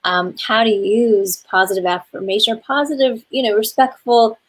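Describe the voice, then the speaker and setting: A woman's voice: a little high, steady tone, normal speed, rough recording. Affirming woman podcast host. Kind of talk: casual conversational interview.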